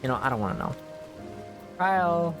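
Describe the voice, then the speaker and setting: A man's voice: fairly high pitch, very animated, normal speed, vocal fry. Male streamer, casual and jokey, faint game music underneath. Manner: jokey, chats with game characters. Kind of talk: casual gameplay commentary.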